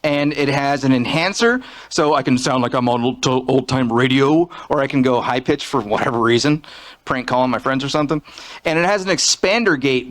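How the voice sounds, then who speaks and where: A man's voice: mid-range voice, a bit bright. A man giving a casual, joking talk from behind a podium on a conference stage, speaking into a fixed podium microphone.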